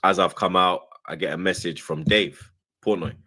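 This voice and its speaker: A young man, telling a story in casual, slangy chat and acting out what people said in a higher voice. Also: normal speed, husky. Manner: animated storyteller, slangy, acts out quotes in a higher voice. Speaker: show host.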